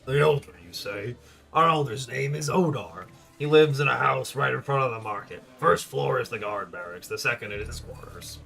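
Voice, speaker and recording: A folksy tavern keeper with a homespun Southern drawl, as a man puts him on. He rambles hospitably about the village, his voice bright and forward at an ordinary middle pitch. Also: normal speed, vocal fry, soft background music. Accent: attempted American Southern drawl. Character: jovial village tavern keeper, proud storyteller.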